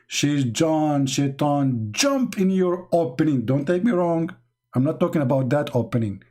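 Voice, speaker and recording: A man's voice: on the high side, lively intonation, a little slow, darkish tone. A man from the Middle East with an Arabic accent, a native Arabic speaker, hosting a live stream and mocking comments from the chat with sarcasm. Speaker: online show host.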